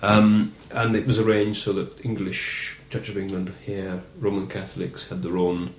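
A man's voice: deep voice, flat delivery, normal speed. A male interviewer who asks prompting questions and murmurs short assents. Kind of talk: oral history interview. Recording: roomy, dull archival tape with faint hiss.

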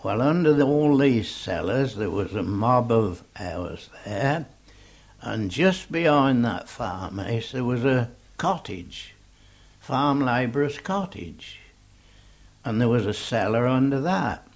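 Gravelly old English man, slow telling. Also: mid-range voice, lively intonation. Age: older. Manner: rambling, anecdotal, plainspoken. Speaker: old soldier recalling the war. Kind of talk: oral history storytelling. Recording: dull lo-fi old tape.

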